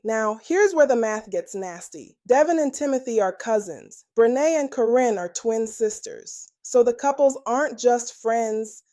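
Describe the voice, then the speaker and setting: A woman's voice: fairly high pitch, warm tone, no echo, clean studio sound. A woman hosting a true-crime podcast, delivering scripted commentary with sassy, playful slang asides. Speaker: podcast host.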